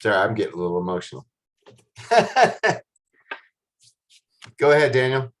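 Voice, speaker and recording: A man's voice: fairly low pitch, animated, very fast, a little hiss or hum. A man hosting a casual group video call, upbeat and encouraging, greeting people by name. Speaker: host of an online call.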